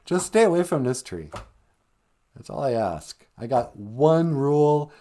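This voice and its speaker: A man's voice: medium pitch, very animated, a little slow, warm tone, pitched above the performer's own voice. A man voicing an easygoing, fatherly creator god who talks in a casual, friendly way in a comic story. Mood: breezy.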